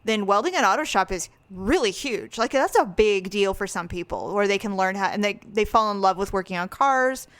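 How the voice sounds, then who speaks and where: A woman's voice: mid-range voice, normal speed, hardly any pauses, dry recording. A middle-aged woman co-hosting a podcast, chatting casually and acting out quotes with a raised voice. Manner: animated storyteller, acts out quotes in raised voice. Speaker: podcast co-host. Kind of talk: casual chat.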